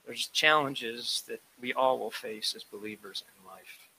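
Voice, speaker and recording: A man preaching a sermon, lively and emphatic, acting out the voices of people he quotes and rising to loud emphasis when reading scripture. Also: medium pitch, unhurried, slight background noise, rough recording. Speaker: pastor.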